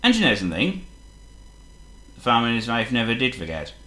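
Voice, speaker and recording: A man reading a children's story aloud in an expressive, playful way. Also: medium pitch, a little fast, reverberant. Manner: expressive and playful, laughs as he reads.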